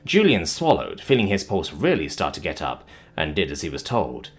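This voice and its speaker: A man's voice: very deep voice, huge pitch swings, normal speed, husky. A man narrating a science fiction story expressively as an audiobook reader.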